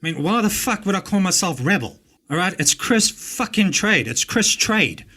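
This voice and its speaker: A man with an English-speaking South African accent tears into a recording with a fairly high voice. His commentary is angry and mocking, full of profanity. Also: big pitch swings, moderate pace, bright, forceful tone, husky. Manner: angry, swearing, mocking rants. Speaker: host reacting to a recording.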